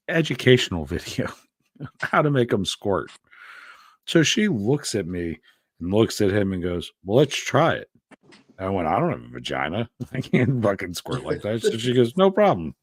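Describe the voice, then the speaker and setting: A podcast co-host with a low-pitched voice tells crude stories in a casual chat, swearing a lot and laughing along. The sound is studio quality with no echo.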